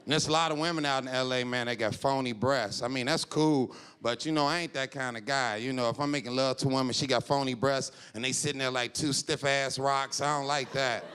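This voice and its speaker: On a comedy club stage in front of a live audience, a man performs stand-up, spinning loose stories and dropping into quoted voices. His mid-range voice is smooth and fairly even, delivered briskly with hardly any pauses. The recording is full of loud crowd and room noise.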